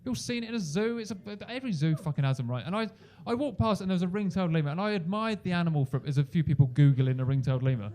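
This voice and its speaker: A young male comedian works a club stage through a handheld mic. His voice sits a touch high, and he keeps it lively, jumping into loud, high-pitched impressions of the people in his stories. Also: rapid-fire, few pauses. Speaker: stand-up comedian. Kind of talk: stand-up comedy set.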